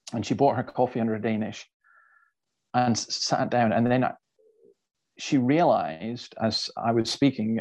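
A middle-aged man speaking to a church audience, telling stories as an evangelist, animated and often repeating himself. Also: medium pitch, rough recording. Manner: animated storyteller who repeats words and restarts sentences. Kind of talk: storytelling talk to a church audience.

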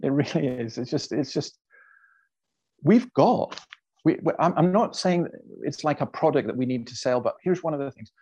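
A middle-aged man speaking to a church audience, telling stories as an evangelist, animated and often repeating himself. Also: fairly high pitch, moderate pace, breathy edge, rough recording. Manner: animated storyteller who repeats words and restarts sentences. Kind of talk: storytelling talk to a church audience.

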